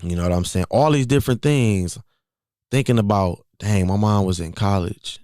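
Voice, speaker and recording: Young guy in his 20s, lowish voice, dry close sound, just talking through his own story real casual and repeating himself. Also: normal speed, darkish tone, no room sound. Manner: casual, conversational, repeats phrases as he recounts. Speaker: podcast host. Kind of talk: personal storytelling monologue.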